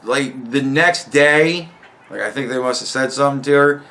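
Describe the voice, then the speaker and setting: A man's voice: mid-range voice, moderate pace, bright, forceful tone. A young man telling a long, rambling story about a coworker in a profane, exasperated way. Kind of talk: casual storytelling rant.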